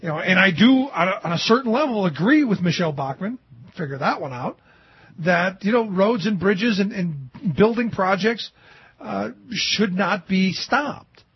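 A man hosting a political talk show, animated and sarcastic, often mocking others in a put-on voice. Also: sits high, normal speed, husky, no room sound. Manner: animated and sarcastic, mimicking opponents in quotes. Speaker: talk radio host. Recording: dull lo-fi dry studio sound.

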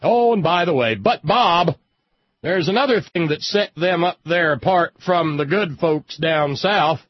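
Man playing a loud, smug, mock-pious small-town churchgoer, drawling and sneering, raised pitch, muffled lo-fi recording. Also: measured pace, dry recording. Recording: dull lo-fi audio.

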